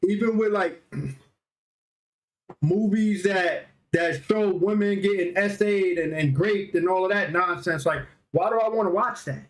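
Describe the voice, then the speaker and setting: A man telling a story in casual podcast chat, animated and clearing his throat often. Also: high-pitched, unhurried, low-quality recording.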